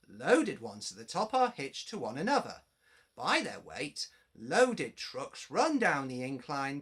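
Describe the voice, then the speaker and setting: Man reading a kids story aloud, slow and bright, super expressive. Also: fairly high pitch. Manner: slow, animated, addressing children. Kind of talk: children's storybook read-aloud.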